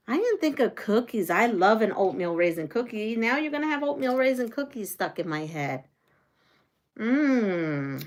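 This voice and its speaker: A woman hosting a quilting live stream, chatting casually, answering viewer comments and trivia questions as she sews, with frequent giggles and some drawn-out phrases. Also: on the high side. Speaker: quilting channel host. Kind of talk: casual live-stream chat while sewing.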